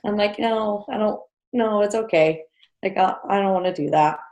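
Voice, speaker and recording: A woman in her thirties from New Jersey, guesting on a podcast, tells a personal story in a chatty way, with lots of fillers and small laughs. Her mid-range voice is a little mellow at a moderate pace, and the echoey room recording has its highs cut off.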